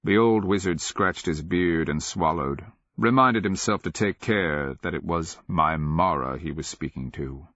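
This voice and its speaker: A man giving steady, measured scripted narration of a fantasy audiobook, on a dull lo-fi recording. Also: sits low, dry recording.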